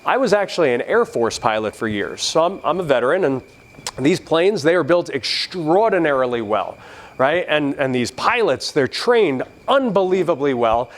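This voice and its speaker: A man voicing a calm older priest and Air Force veteran, who talks in a reassuring, folksy way. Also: a little high, moderate pace.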